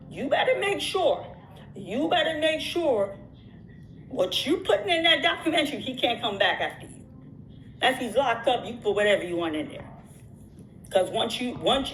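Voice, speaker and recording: Woman ranting to her youtube viewers, says stuff twice, stumbles and restarts, roomy sound with a faint hiss behind. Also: fairly high pitch. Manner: emphatic, repeats phrases, many restarts. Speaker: YouTube commentator. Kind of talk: casual talk to the camera.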